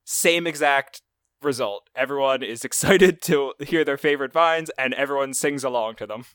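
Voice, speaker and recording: A man's voice: mid-range voice, normal speed, a bit bright, smooth, no echo, studio quality. A man chatting casually on a podcast, rambling with stumbles and restarts.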